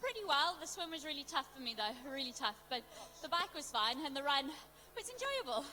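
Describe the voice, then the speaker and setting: A woman from South Africa with a South African accent, exhausted just after a triathlon, giving light quick replies. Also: sits high, sing-song, sharp tone, in a large hall, rough recording. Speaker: triathlon finisher.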